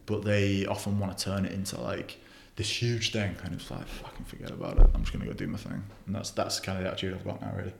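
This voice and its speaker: Young man, blunt and sweary, quick delivery, roomy recording. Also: sits low, creaky, background noise. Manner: blunt, frequent swearing, many restarts. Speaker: podcast guest. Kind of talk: casual interview chat.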